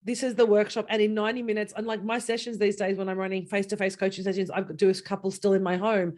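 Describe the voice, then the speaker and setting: A woman business coach hosting a casual conversation, animated and laughing often as she tells stories. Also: medium pitch, fast.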